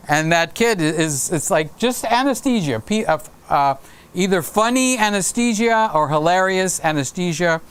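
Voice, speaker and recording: A man's voice: sits high, expressive, normal speed, fairly bright tone, clean tone. A man hosting his own livestream, chatting casually and rambling through anecdotes while laughing at his own stories. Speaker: livestream host.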